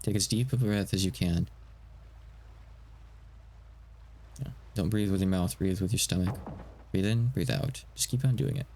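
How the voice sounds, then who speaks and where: A man reading a calm police negotiator. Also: low voice, slight background noise. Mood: soothing. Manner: slow, soothing instructions. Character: calm male police negotiator, steady and coaxing. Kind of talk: live game dialogue translation.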